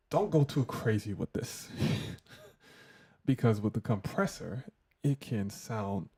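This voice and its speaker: A man with a lowish, mellow voice hosts a casual, hands-on audio tutorial, joking loosely as he talks through the settings while testing them.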